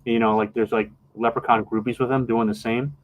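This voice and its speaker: A man's voice: mid-range voice, flat delivery, rough recording. A man narrating a tabletop game as game master, rambling and restarting his sentences often. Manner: rambling, halting with many restarts.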